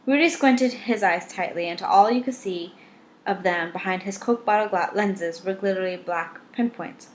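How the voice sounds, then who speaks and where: Woman reading a novel out loud, first person, wry dry tone, faint hiss behind. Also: medium pitch, moderate pace. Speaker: audiobook reader.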